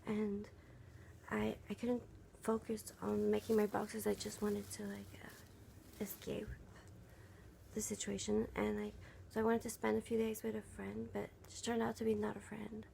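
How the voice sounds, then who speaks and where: A young woman venting in a casual vlog, speaking softly and haltingly with many fillers, her voice gravelly and often half-whispered. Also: mid-range voice, completely flat delivery, slight background noise. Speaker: vlogger.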